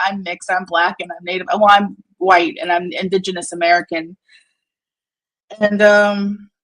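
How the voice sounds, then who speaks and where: A woman's voice: medium pitch, a bit bright, poor audio. Blunt, profane woman streamer. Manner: blunt and profane, rambling, laughs often; distracted while working on screen. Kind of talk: casual live-stream commentary.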